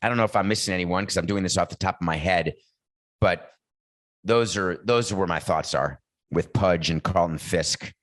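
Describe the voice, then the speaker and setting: A man's voice: low voice, fairly bright tone, no room sound. A middle-aged man hosting a sports talk show, giving blunt, emphatic opinions off the cuff. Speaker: podcast host.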